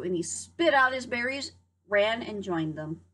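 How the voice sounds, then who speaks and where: A woman teacher reading a picture book aloud to young children, in a lively, expressive way. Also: mid-range voice, measured pace. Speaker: preschool teacher.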